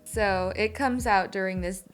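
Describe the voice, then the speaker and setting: A woman in easy, casual conversation, recounting a story in loving detail with animated enthusiasm. She speaks at an ordinary middle pitch, with faint music audible underneath. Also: unhurried. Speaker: co-host of a drawing channel. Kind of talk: casual chat while drawing.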